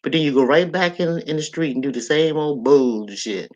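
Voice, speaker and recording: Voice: mid-range voice, normal speed, muffled recording. A livestream host in casual talk with chat viewers who gives preachy life advice and repeats phrases for emphasis. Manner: bright, lively greetings to chat viewers.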